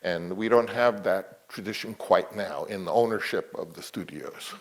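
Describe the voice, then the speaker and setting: A man's voice: low voice, moderate pace. A man, a film director, talking reflectively in an interview, rambling with many restarts.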